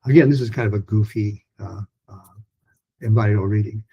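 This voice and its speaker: A man teaching pronunciation in a recorded lesson, chatty and full of restarts, who breaks into lively, higher-pitched drills of practice sentences. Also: brisk, husky, muffled recording. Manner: chatty, with many restarts and fillers.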